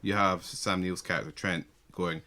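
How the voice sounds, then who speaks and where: A man's voice: sits low, steady tone, normal speed, bright, forceful tone. A man guesting on a casual film podcast, enthusiastic and quoting film lines. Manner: enthusiastic, quotes lines in voices.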